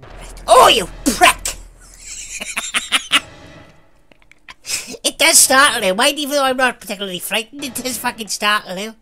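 A woman's voice: fairly high pitch, quick pace, bright, forceful tone. A woman giving sweary, jumpy commentary over a horror game, laughing at the scares. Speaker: let's play gamer.

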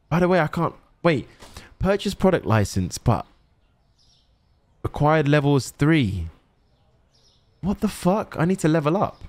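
A young man chatting to his chat while he plays a shop game, swearing often. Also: on the high side. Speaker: streamer playing a shop simulator. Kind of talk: casual gameplay commentary to chat.

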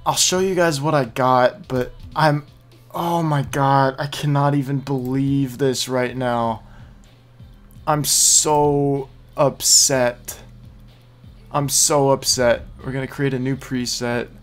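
Slow-talking gamer man, chatty. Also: medium pitch, steady tone, faint music behind. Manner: chatty, talks to himself and viewers while playing. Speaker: gaming video host. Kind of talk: gameplay commentary.

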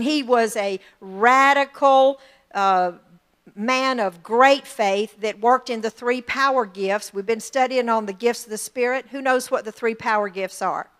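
Woman pastor, middle-aged, high-pitched, fired-up call-and-response preaching. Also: measured pace, fairly bright tone, smooth. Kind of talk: sermon.

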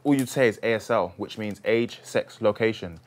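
A young man, co-hosting a comedy show and telling stories in excitable slang. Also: lowish voice, moderate pace. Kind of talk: casual banter.

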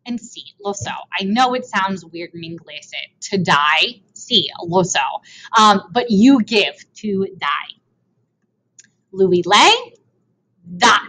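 A woman's voice: medium pitch, lively intonation, takes it slowly, long pauses, sharp tone, rough recording. A woman teaching a language lesson over slides. She mixes Italian and English, repeats and translates each form, and adds playful asides.

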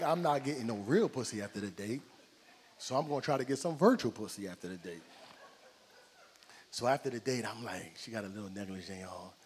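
A medium-pitched middle-aged man from New Jersey works a comedy club crowd with a stand-up set, animatedly narrating his stories and voicing both sides of each exchange. The audio has a long reverb tail and slight background noise.

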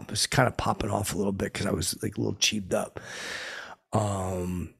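A man telling a rambling, halting story in a deadpan way, full of fillers and sound effects, as a boastful hanger-on. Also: fairly low pitch. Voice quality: gravelly, husky. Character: dim, boastful washed-up male hanger-on telling tall tales. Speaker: comedy podcast host in character.

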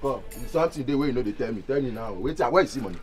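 A man playing a brash, excitable young street hustler who talks in Nigerian Pidgin, shouting and accusing in a comedy skit. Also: mid-range voice, very fast, lightly acted. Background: background music.

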